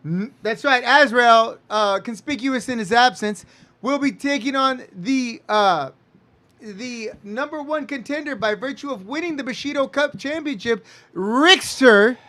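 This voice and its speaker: High-voiced rambling wrestling promoter. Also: male voice, unhurried, bright, forceful tone. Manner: rambling, self-correcting announcer patter. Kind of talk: casual promo chat.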